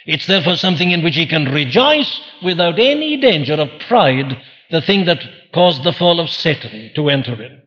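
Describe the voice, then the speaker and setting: A man's voice: on the high side, long reverb tail, muffled recording. A man preaching a sermon earnestly, posing questions and answering them himself. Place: church.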